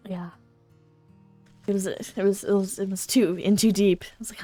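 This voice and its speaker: A woman's voice: medium pitch, fairly even intonation, moderate pace, dark tone, soft background music. A woman streamer giving casual, giggly commentary while playing a game. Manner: giggly, playful, rambling.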